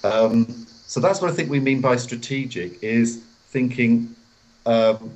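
A man being interviewed as a guest author over a video call, explaining in a measured way and acting out example phrases. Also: mid-range voice, a little mellow, poor audio. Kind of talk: interview answers. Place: hotel room.

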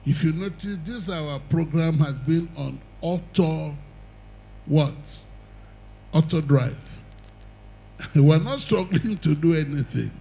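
A man's voice: on the high side, slow, gravelly, long pauses, dark tone, low-quality recording. An older man preaching an evangelistic sermon and altar call, with emphatic, repetitive exhortation and the odd chuckle.

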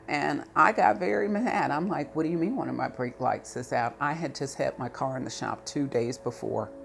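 Middle-aged woman, low pitch, interviewee storytelling, gets heated; faint hiss under her. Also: gravelly. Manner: animated, rising to anger when recalling. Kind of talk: personal storytelling.

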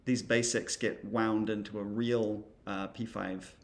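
Guy walking thru code demos, kinda low and croaky, dry jokes here and there. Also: flat delivery, unhurried. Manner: wry, dry humor; thinking aloud while demonstrating code. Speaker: creative coding instructor. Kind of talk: casual screen-recorded coding tutorial.

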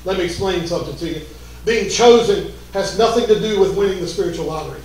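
A fervent male pastor preaching a sermon in a very high voice, often breaking into shouts. He sounds distant from the mic in a strongly echoing church sanctuary. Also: fast talker. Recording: echoey church hall from a distance.

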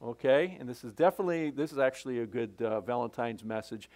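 Preaching a sermon in a church sanctuary, a male pastor with a Canadian English accent talks fast in a mid-range, darkish voice with lively intonation. He frequently stops, restarts, and repeats words, tossing casual asides to the congregation.

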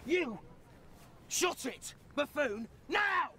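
An enraged, foul-mouthed football coach tears into his players in a high, piercing, swinging voice. He shouts abuse and threats without pause. Faint noise sits behind him. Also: animated, creaky, heavily acted. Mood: furious. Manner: furious, abusive, shouting tirade. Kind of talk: film acting.

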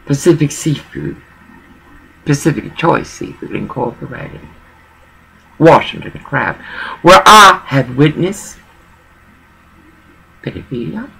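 Slow, gravelly-voiced woman rambling emotionally. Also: sits low, sharp tone, low-quality recording. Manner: emotional, digressive, repeats herself. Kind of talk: rambling personal monologue.

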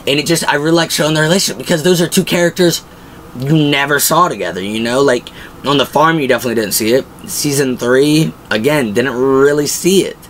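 A young man in the middle of his pitch range gushes about a show in relaxed, unscripted chat. He wanders through his points with plenty of filler words, and a faint hiss sits under the recording. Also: fairly quick, rough recording. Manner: rambling, filler-heavy and enthusiastic. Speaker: pop-culture show host. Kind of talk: casual fan commentary.

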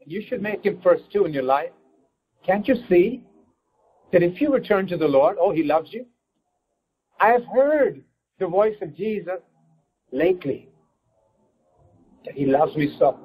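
A man's voice: high-pitched, breathy edge, low-quality recording. A man preaching a fervent sermon as pastor, breaking into prayer addressed to God.

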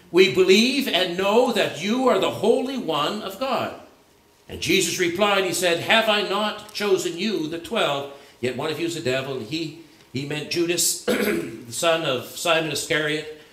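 Male pastor with a high voice in an echoing church. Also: fairly bright tone. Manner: conversational, searching, frequent restarts and fillers. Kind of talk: sermon. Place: church sanctuary. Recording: echoey church room.

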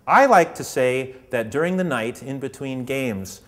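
A man giving a storytelling lecture to an audience, animated and putting on voices for characters. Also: medium pitch, unhurried, in a large hall. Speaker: public speaker.

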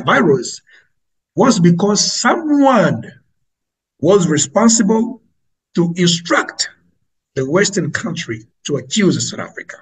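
A man's voice: a little high, a little hiss or hum, low-quality recording. A man with an Angolan accent preaching to an online audience, emphatic and repetitive, calling his listeners family.

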